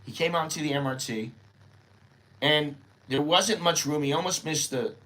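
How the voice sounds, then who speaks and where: A man's voice: a little high, normal speed, pushed and bright. An older American man who is a vlogger, talking in a rambling, chatty, unscripted way and thinking aloud as he goes. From United States. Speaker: vlogger living in Thailand. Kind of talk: casual unscripted monologue.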